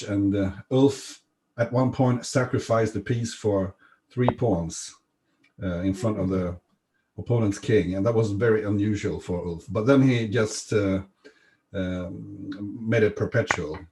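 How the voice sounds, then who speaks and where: A man from Sweden, chatting casually about chess in a measured, hesitant way with many fillers. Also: lowish voice, noisy background. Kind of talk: casual chat.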